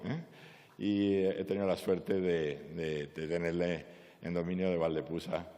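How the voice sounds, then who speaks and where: A man giving a courteous, measured introduction of a guest speaker at a conference. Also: low-pitched, a little mellow. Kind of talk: formal introduction speech. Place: conference hall. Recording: long reverb of a large hall.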